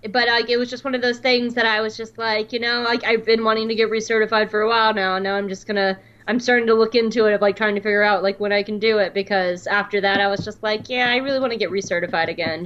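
A woman in her late twenties telling a story on a podcast in a casual, animated way, with lots of fillers and restarts. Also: mid-range voice, fast talker, few pauses, muffled recording. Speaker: podcast co-host.

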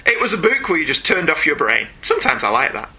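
Guy reading out listener mail, bouncy pitch, really bright husky voice, joking around. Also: huge pitch swings, fast talker, poor audio. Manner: playful, laughs often, reads mail aloud. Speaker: podcast co-host reading listener email. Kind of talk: casual chat.

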